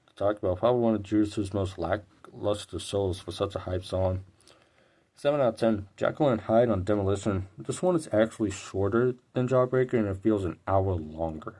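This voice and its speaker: Young man, low pitch, casual video review, blunt, opinionated, dark tone. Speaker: music reviewer.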